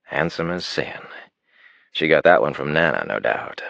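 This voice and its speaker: A man narrating an audiobook, with an expressive reading that turns hushed in tender moments. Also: rumbling low, normal speed, vocal fry, dry recording. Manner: expressive reading, drops to a hushed tone in romantic passages. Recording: dull dry studio recording.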